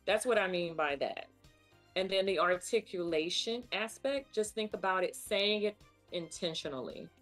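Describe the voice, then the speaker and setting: A woman's voice: medium pitch, moderate pace, a bit bright, soft background music. A woman speech pathologist, a guest on a talk show, explaining vocal health and leading tongue twister drills in an upbeat, coaching way. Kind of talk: casual instructional chat.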